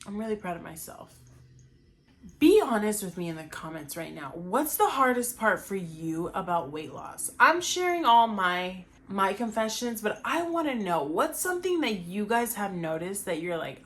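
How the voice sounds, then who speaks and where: A woman's voice: mid-range voice, a bit bright. A young woman talking earnestly and emotionally to her viewers about her weight loss, with lots of "like" and "you know". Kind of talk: casual confessional talk to camera.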